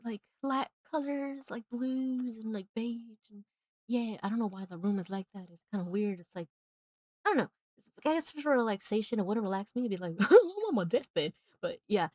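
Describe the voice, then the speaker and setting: A young woman streaming while she draws, retelling a film in a rambling, animated way with many fillers, and turning emphatic and indignant when she gives her opinion. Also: a little high, dry recording. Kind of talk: casual chat while drawing on a livestream.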